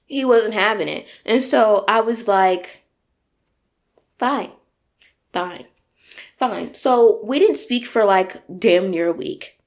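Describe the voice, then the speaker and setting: A woman in her twenties telling a storytime on her vlog, animated and emphatic, venting with plenty of swearing. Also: medium pitch, a little slow. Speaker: vlogger.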